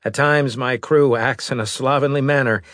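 A man voicing a cunning starship captain who talks smoothly and with false politeness. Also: mid-range voice, steady tone, normal speed, a bit bright, no room sound, studio quality, pitched above the performer's own voice, natural voice. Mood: smoothly polite.

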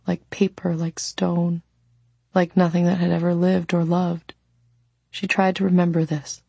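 A woman narrating a novel as an audiobook in a calm, reflective way. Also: fairly low pitch, unhurried, creaky, slightly rough, no echo. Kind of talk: scripted narration.

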